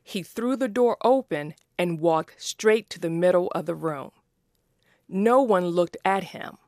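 A woman with a fairly low voice reads a story at a very slow, deliberate pace. The recording is close and dry, with no room sound. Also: no echo. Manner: slow, even, careful. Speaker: narrator. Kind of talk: slow story reading for learners.

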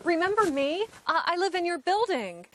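An American woman in a scripted English lesson dialogue, speaking clearly and a little apologetically. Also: extremely high pitch, sing-song, normal speed, a bit bright, a little hiss or hum. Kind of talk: slow scripted dialogue for learners.

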